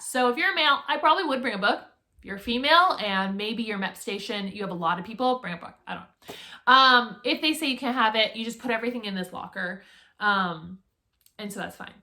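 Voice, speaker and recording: Brief: young woman vlogger, high bright voice, chatty and animated storytelling. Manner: chatty and animated, acts out her own nervous reactions. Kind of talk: casual storytelling to camera.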